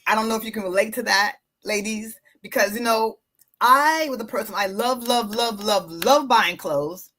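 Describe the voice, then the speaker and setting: A woman podcast host and wellness coach gives a casual motivational talk in a fairly high, steady, pushed and bright voice at a moderate pace. She's emphatic and repetitive, speaking straight to her listeners.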